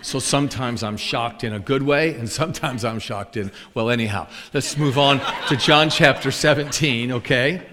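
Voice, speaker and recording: A man's voice: mid-range voice, normal speed, few pauses, background noise. Man preaching in a reverberant hall. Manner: animated storyteller acting out both sides of a dialogue. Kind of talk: sermon storytelling.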